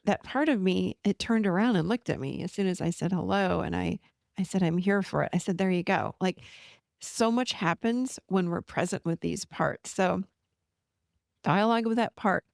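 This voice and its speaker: A woman in her forties, a podcast host and therapist, giving a teaching self-help talk in a gently reassuring, animated coaching manner. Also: on the low side, normal speed, vocal fry, no room sound, studio quality.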